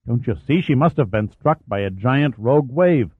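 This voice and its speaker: A man's voice: medium pitch, lively intonation, normal speed, slightly rough, no room sound. Man voicing a firm, stubborn ship's officer. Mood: insistent. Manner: firm, insistent, protesting. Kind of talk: audiobook character voice. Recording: tinny phone-like sound.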